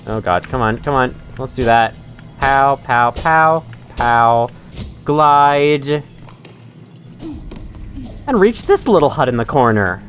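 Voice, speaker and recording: A man's voice: mid-range voice, animated, unhurried, fairly bright tone, soft background music. A man hosting casual let's-play commentary, swearing often and joking through his frustration. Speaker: gaming channel host.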